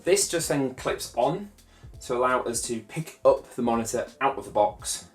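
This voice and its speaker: A man's voice: mid-range voice, expressive, normal speed, faint music behind. A man casually talking through unboxing and setting up a monitor, loose and chatty. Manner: chatty, loose, peppered with "kind of". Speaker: tech reviewer. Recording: roomy echo.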